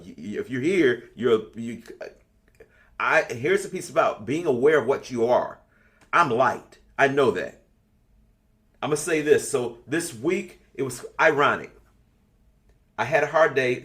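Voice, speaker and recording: A man's voice: mid-range voice, lively intonation, unhurried, a bit bright. Profane older man telling stories. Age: 60s. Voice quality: blunt, profane, storytelling. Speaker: class leader. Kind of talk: casual spiritual talk to an online class.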